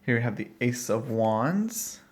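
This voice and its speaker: Going through a tarot deck at home while a dog barks close by, a man talks casually, rambling and thinking out loud, full of fillers and brief laughs. He has a medium-pitched voice with big pitch swings and speaks a little slowly.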